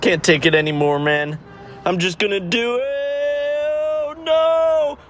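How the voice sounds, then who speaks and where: A very high melodramatic despairing guy. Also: fairly even intonation, takes it slowly. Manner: overwrought, ending in a yell. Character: melodramatic despairing man on a ledge. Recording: noisy outdoor rooftop recording.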